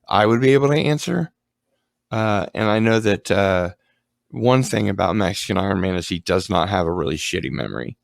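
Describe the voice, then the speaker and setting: A man's voice: fairly low pitch, vocal fry, dry recording. A man hosting a casual livestream chat, rambling with ums and restarts. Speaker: livestream host.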